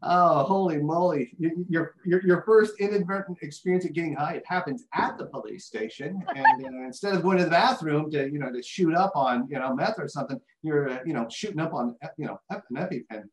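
A man's voice: a little high, brisk, few pauses. Playful male host, laughs a lot, roomy echoey sound. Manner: jokey, laughs often, playful reactions. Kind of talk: casual interview. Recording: echoey room.

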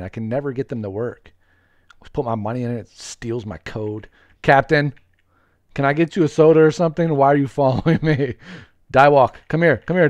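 An excitable man commentating a live game stream, calling out to viewers and laughing between tasks. His voice sits at a middle pitch and sounds close and dry, with keyboard typing in the background. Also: dry recording.

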